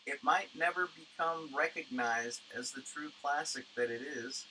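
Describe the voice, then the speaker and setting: A man's voice: fairly high pitch, normal speed, sharp tone, a little hiss or hum, low-quality recording. A man from Tucson hosting a livestream, chatting casually in a profane, rambling way with lots of fillers, into a studio condenser mic. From Tucson, Arizona, USA. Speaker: livestream host. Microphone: studio condenser microphone.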